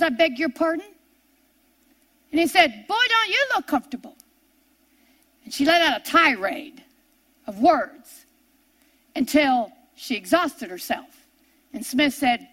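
High-voiced woman preaching a sermon. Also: pushed and bright. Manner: storytelling with pleading, slowing to drawn-out prayerful emphasis.

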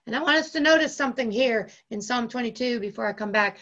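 A woman pastor preaching a sermon with impassioned, drawn-out emphasis and repeated phrases. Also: a little high, a bit bright, highs cut off.

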